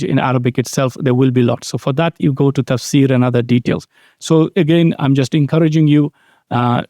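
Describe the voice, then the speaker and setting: Male grammar teacher, mellow tone, fairly high voice, patient and repetitive, dry close recording. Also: no echo. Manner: explains slowly, repeats key terms, mixes in Arabic words. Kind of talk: recorded online lesson.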